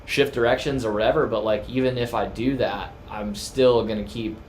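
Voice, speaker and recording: A man hosting a casual livestream, talking hesitantly with many pauses and restarts. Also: medium pitch, steady tone, a little hiss or hum.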